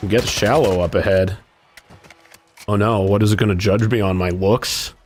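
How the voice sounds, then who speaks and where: A man's voice: on the low side, steady tone, normal speed, darkish tone, slight background noise. A young man hosting a casual gaming stream, joking and swearing freely. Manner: profane, joking, breaks into snatches of song. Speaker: streamer host.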